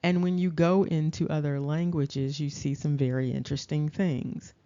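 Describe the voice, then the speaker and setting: A woman giving a deliberate lecture over slides, pausing to check in with her listeners. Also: low-pitched, flat delivery, dark tone. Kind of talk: slow explanatory lecture. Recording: dull lo-fi recording.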